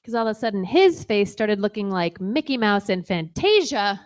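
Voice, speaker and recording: A woman's voice: medium pitch, very animated, normal speed, a little hiss or hum. A young woman doing a bawdy stand-up comedy set on a bar stage, telling a story with laughs. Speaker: stand-up comic.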